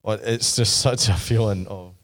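A man's voice: on the low side, fairly even intonation, normal speed, no echo. A man co-hosting a podcast in casual chat, easygoing and rambling with many fillers. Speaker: podcast co-host.

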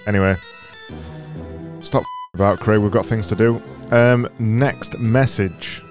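A man's voice: fairly low pitch, steady tone, unhurried, darkish tone, soft background music. A man hosting a casual solo podcast, reading out listener messages with dry, self-mocking humour. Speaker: podcast host.

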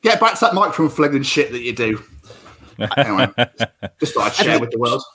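Bright-voiced man, wry chat. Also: mid-range voice, big pitch swings, a little fast. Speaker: podcast co-host. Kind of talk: casual livestream chat.

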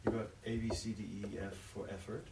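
A man's voice: on the low side, flat delivery, brisk, gravelly. A man from England, chatting in a class and recalling his school days. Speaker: class participant. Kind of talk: casual remarks in class. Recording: distant, roomy, with loud noise.

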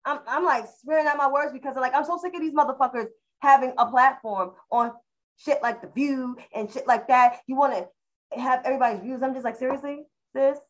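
A woman co-host vents her frustration at length, swearing and repeating herself as she builds up steam. Her voice sits a little high, and she speaks. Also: fairly even intonation, a little fast, a bit bright, low-quality recording. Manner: heated, swearing, exasperated ranting. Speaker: podcast co-host. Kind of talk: casual panel chat.

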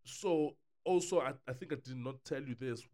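A young South African man, a podcast guest, telling a relaxed story and mixing English with Zulu. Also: medium pitch, moderate pace. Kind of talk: casual podcast chat.

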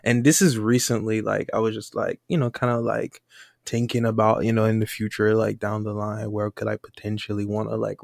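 A man co-hosting a podcast, talking casually in a relaxed, hesitant way with many fillers. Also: on the low side, gravelly, no room sound, clean studio sound. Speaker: podcast co-host. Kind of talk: casual chat.

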